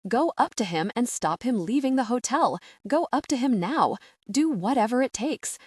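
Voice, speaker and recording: A woman's voice: fairly high pitch, lively intonation, moderate pace, a little mellow, slightly rough, no room sound, clean studio sound, pitched above the performer's own voice. A woman reading the lines of a bossy, bad-tempered businessman in an audiobook, curt and demanding as he barks orders.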